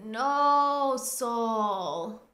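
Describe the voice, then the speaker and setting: A young woman giving excitable, reactive commentary while playing a video game, yelling at wins and groaning at losses. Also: fairly high pitch, extremely slow, roomy sound, faint music behind. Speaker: gaming video creator.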